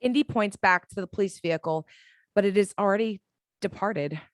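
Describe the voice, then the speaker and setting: A woman's voice: mid-range voice, a little fast, no room sound. Woman narrating screenplay action, dry sound. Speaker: narrator reading action descriptions. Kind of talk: script narration for an audio drama.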